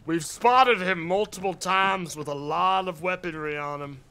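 High, bright-voiced male gaming streamer. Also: a little slow, clean tone. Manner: thinks aloud, talks to chat. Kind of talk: casual live-stream commentary.

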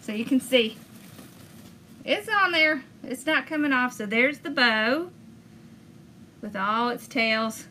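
A woman's voice: sits high, expressive, slow, pauses often, sharp tone, slight background noise. A woman hosting a crafting video, chatting enthusiastically as she talks viewers through each step. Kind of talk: casual crafting demonstration.

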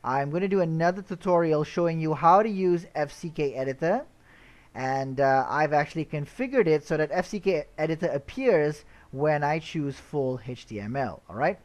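A man explaining website setup step by step in a screen-recorded tutorial, relaxed, with frequent "uh" and "all right?" checks. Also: on the high side, normal speed. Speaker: web tutorial instructor.

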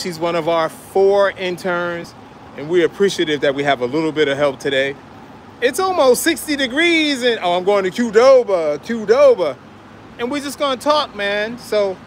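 A man's voice: high-pitched, fairly bright tone, a little hiss or hum. A man hosting a casual walk-and-talk vlog, upbeat and talking straight to his viewers as he walks through the city and into a restaurant. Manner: upbeat, addresses viewers as y'all. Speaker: vlogger. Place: city street, then inside a restaurant.

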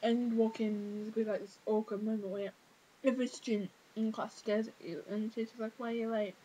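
A woman's voice: fairly high pitch, steady tone, fairly quick, mellow, a little hiss or hum, poor audio. A teenage girl, ranting casually to camera with lots of fillers, exasperated. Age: teens. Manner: exasperated, rambling with many fillers. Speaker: vlogger.

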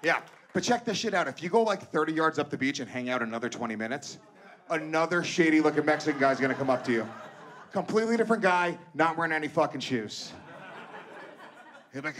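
A man performing a stand-up comedy set on stage, telling a crude story in an animated way and breaking into loud impressions. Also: on the high side, fast talker. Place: comedy stage before a live audience.

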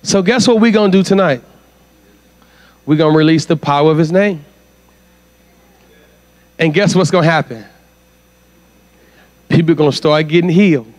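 A man's voice: on the high side, normal speed, long pauses. A man preaching as guest speaker at a church conference, firing rhetorical questions at the congregation. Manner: asks the crowd rhetorical questions. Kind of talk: sermon.

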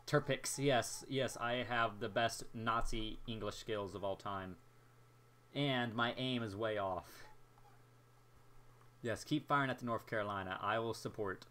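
A young man casually commentating his own naval battle game, excitable and jokey, talking to himself as he plays. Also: lowish voice, a little slow. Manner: excitable, jokey, talks to himself while playing. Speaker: gameplay commentator.

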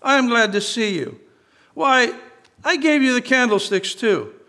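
A man reading the lines of a kindly, forgiving old bishop in a gentle, unhurried way. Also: a little high, lively intonation.

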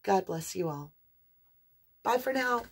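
A woman's voice: medium pitch, takes it slowly, breathy edge. Chatty woman giving a tarot reading. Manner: animated, chatty, affectionate, sing-song emphasis. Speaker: tarot reader. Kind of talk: spiritual tarot reading to camera.

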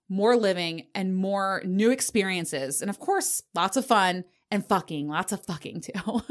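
A woman in her forties hosting a solo podcast, telling stories in a candid, profane way with frequent laughter. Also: fairly low pitch. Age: 40s. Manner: profane, laughing, animated storytelling. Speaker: podcast host.

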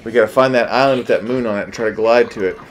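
A man playing a video game with his child, chatting casually and cheering excitedly, game music behind him. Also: fairly low pitch, slight background noise. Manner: excitable, cheers his kid on with rapid repeated urging. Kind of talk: casual gameplay chat.

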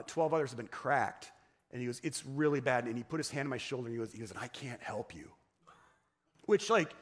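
A man's voice: fairly high pitch, fairly bright tone. A man preaching in church, telling his own story in a conversational way, with many fillers and restarts. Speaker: pastor. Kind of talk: sermon testimony. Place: church sanctuary.

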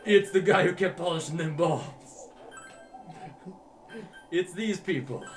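A man's voice: a little high, slow pace, recorded from a distance. A man doing casual let's-play commentary, crude and joking, laughing and acting out lines from the game. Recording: voice from off-mic with game music.

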